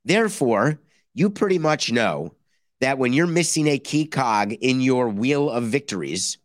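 A man hosting a sports podcast, delivering a sarcastic, animated monologue and mock-quoting other people. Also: mid-range voice, unhurried, no room sound, studio quality. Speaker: podcast host. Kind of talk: opinionated sports talk monologue.

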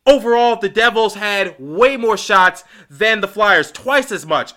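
A man's voice: high voice, animated, a little slow, fairly bright tone. A man hosting a solo hockey podcast, ranting in exasperation and lecturing the team directly. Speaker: sports podcast host. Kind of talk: solo hockey commentary rant.

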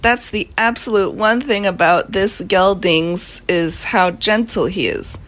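A woman listener with a sleepy morning voice, recorded on her phone in bed, slowly reading out a horse ad. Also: mid-range voice, fairly bright tone. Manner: reads haltingly, drawling, laughs at the text. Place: in bed at home.

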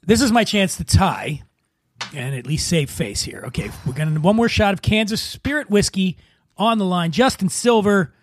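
Casual male host with a high voice and a dry, close sound, playfully running a shots trivia game. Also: lively intonation, moderate pace, no echo. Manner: playful, teasing quizmaster. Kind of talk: casual drinking-game chat.

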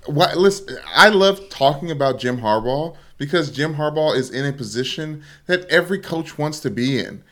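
A man's voice: on the high side, expressive, moderate pace, hardly any pauses, fairly bright tone. A man in his thirties co-hosting a sports podcast, jokey and rambling, stuttering through restarts as he tells stories. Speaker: podcast co-host, former football recruit. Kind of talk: casual podcast chat.

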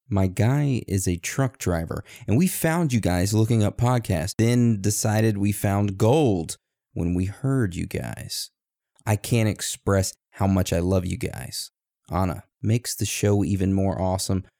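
A man's voice: sits low, creaky, warm tone, no echo, clean studio sound. A man co-hosting a podcast, reading listener reviews aloud in a casual, joking way and going off on playful tangents. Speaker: podcast co-host.

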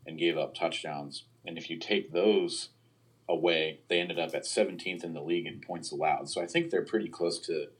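A man's voice: low-pitched, steady tone, normal speed, slightly rough. A man talking football roster analysis in a casual podcast chat, hedging often with "you know" and "um". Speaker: sports analyst guest.

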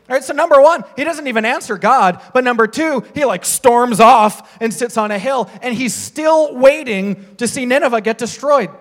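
An animated man preaching to a congregation, his voice sitting a little high. He swings between lively, playful storytelling and quieter, earnest points. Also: normal speed, hardly any pauses. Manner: animated, mocking voices for the characters. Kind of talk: sermon.

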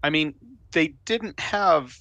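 A man chatting as a soccer podcast panelist, talking in halting restarts with dry sarcasm. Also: a little high, lively intonation, bright, forceful tone, no echo. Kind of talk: casual sports chat.

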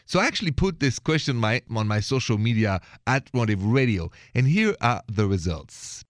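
A man's voice: medium pitch, very animated, moderate pace, no echo. French-accented male radio host, suave, chatty, dry close studio sound. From France. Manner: suave, chatty, laughs easily. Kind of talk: call-in radio show.

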